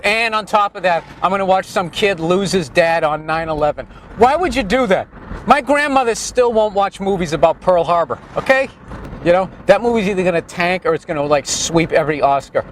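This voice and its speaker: A man with a somewhat raised pitch tours a main street outdoors, tossing out profane, sarcastic jokes. His talk rambles and rants with comic edge, and faint street and traffic noise sits under his voice. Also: fairly bright tone. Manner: sarcastic, crude, ranting. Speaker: vlogger giving a street tour.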